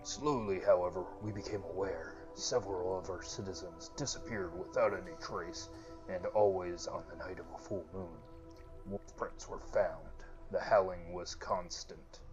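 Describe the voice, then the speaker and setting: A man's voice: sits low, fairly even intonation, moderate pace, lightly acted. A man doing a formal gracious temple priest. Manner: archaic formal storytelling delivery. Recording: lo-fi with game music behind.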